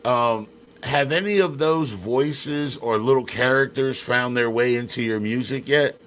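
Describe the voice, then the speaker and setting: A man's voice: medium pitch, unhurried, a bit bright. A man hosting a podcast who keeps the chat loose and slangy, often laughing and swearing. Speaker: podcast host. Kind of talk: casual interview chat.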